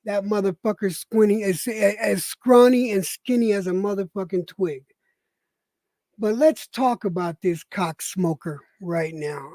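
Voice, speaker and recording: A woman's voice: medium pitch, a little mellow, no room sound. A woman streamer on a live broadcast, delivering an angry, profane rant full of stammered repetitions.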